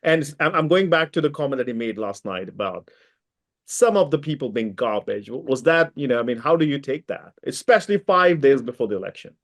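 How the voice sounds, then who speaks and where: A man's voice: mid-range voice, lively intonation, brisk. A man interviewing a guest, asking questions with many fillers and restarts.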